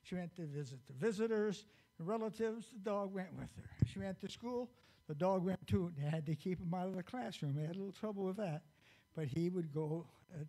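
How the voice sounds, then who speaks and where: A man with a gravelly, husky voice, a little higher than most, tells a gentle story to children at church. His tone is mellow and dark, and he pauses to ask the kids simple questions. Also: poor audio.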